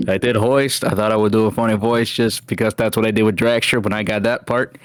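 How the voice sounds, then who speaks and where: A man's voice: lowish voice, steady tone, fairly quick, no room sound, studio quality. A man hosting a watch-along stream, chatting casually and laughing often. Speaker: stream host.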